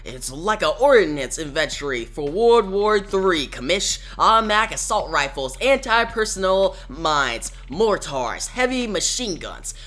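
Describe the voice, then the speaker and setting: A man reading the lines of a gruff male police detective from a comic, listing things matter-of-factly. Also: sits high, sing-song, a little slow, hardly any pauses, fairly bright tone, exaggerated voice.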